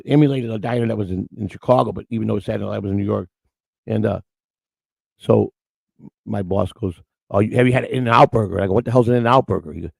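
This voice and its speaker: Casual, rambling chat from an older man hosting a morning show, whose stories keep restarting and include acted-out quotes. The voice is on the low side with vocal fry, in a dry recording.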